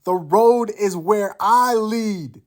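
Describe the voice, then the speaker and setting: A man doing a haughty, slow-spoken emperor. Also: high voice, voice pushed up. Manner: slow, commanding, condescending. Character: arrogant, imperious young male emperor.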